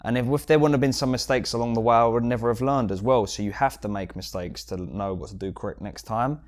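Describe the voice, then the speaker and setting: A man with a London accent, a jewellery shop owner, chatting casually as a podcast guest and telling stories about the business. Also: quick pace. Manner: animated storyteller, mimics customers with sudden high bursts.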